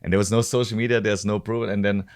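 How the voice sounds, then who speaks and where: A man's voice: fairly low pitch, flat delivery, fast. A man of about forty from Germany with a German accent, a podcast host telling a rambling story in casual chat, full of restarts and fillers. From Stuttgart, Germany.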